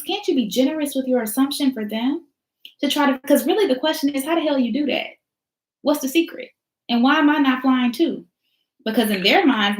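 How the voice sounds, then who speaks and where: A woman teacher hosting a motivational talk, speaking in an emphatic, preachy style with repeated phrases and casual slang. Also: sits high. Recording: roomy echo.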